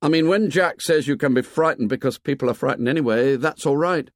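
A man reading aloud, voicing a talkative young boy who rushes his words out eagerly. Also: on the high side, dry recording, clean studio sound, pitched above the performer's own voice, natural voice. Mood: eager, chattering. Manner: rushed, breathless chatter. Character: chattering talkative schoolboy, eager and fast.

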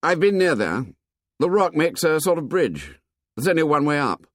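A man voicing an aggressive, contemptuous boy who leads the hunters, sneering and shouting. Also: on the high side, sing-song, normal speed, no echo, studio quality, voice pushed up. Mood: reluctant.

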